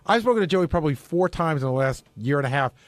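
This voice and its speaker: Producer type, man, quick talker with a raised voice, dead-dry studio mic, narrates scenes playing both sides. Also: fairly high pitch, lively intonation, dry recording. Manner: rapid storytelling, acts out both sides of exchanges. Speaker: radio show producer. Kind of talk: radio studio banter. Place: radio studio. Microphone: studio microphone.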